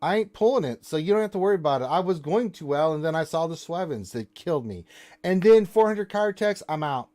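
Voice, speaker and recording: A man's voice: on the high side, lively intonation, quick pace, darkish tone. A man hosting a casual live stream, answering chat questions and teasing viewers and his co-host with mock indignation.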